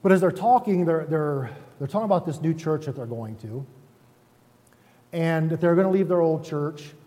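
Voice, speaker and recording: A male pastor preaching in a casual, self-deprecating way, forever tossing a "right?" back to his congregation. His voice sits a touch high for a man yet sounds mellow and dark in tone. The sound carries a long hall reverb from the church sanctuary. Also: animated, normal speed. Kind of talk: conversational sermon.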